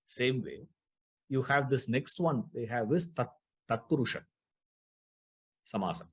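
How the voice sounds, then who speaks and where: A man's voice: mid-range voice, husky. A man teaching a scripture class, explaining Sanskrit grammar, repeating key terms and putting rhetorical questions to his listeners.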